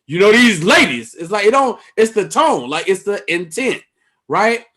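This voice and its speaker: A man co-hosting a comedy podcast in casual chat, acting out quotes in loud voices. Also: sits high, sing-song, normal speed, low-quality recording. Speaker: podcast co-host.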